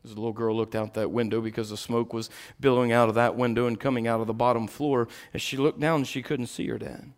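A middle-aged man preaching a sermon, swinging between quiet, intimate asides and loud, impassioned peaks. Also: mid-range voice, level tone, fast, hardly any pauses.

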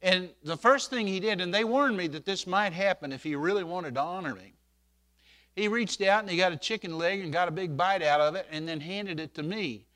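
An older man preaches with a folksy, storytelling warmth to his delivery, his voice bright and ringing. He sits a little higher than most men and swells loud whenever he quotes scripture. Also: a little fast. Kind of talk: sermon.

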